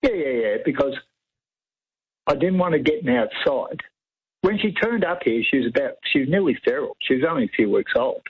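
Raspy Australian man calling in over a tinny phone line, rambles on. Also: mid-range voice, lively intonation, brisk. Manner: rambling, talks over the host. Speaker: caller. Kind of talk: phone-in radio chat. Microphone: telephone.

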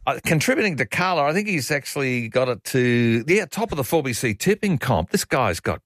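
A man's voice: medium pitch, very animated, a little fast, a bit bright, no room sound, studio quality. A man with an Australian accent hosting a radio show, in jokey, teasing banter. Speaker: radio host. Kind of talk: casual radio chat.

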